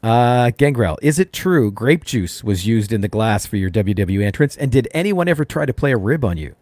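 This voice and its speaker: A man's voice: medium pitch, animated, a little fast, darkish tone, no echo. A man hosting a casual interview, reading out fan questions and reacting eagerly to the answers. His voice sounds close and dry, with hardly any room around it. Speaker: interviewer host.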